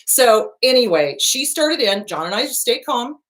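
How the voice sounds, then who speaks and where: A middle-aged woman hosting a show, talking in a blunt and animated way with a lot of swearing, like a casual monologue. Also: fairly high pitch, moderate pace. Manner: blunt, profane, animated storytelling. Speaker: host.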